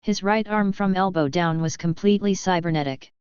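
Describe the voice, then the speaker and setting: A woman reading a fan story as narrator in a measured, even way. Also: lowish voice, clear, resonant tone, no room sound. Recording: dull lo-fi dry.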